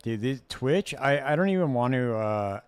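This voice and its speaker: A man's voice: mid-range voice, moderate pace, clean tone. A man streaming a game live and chatting casually, rambling and leaning on "dude" all the time. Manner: rambling, says "dude" constantly. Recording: steady background noise.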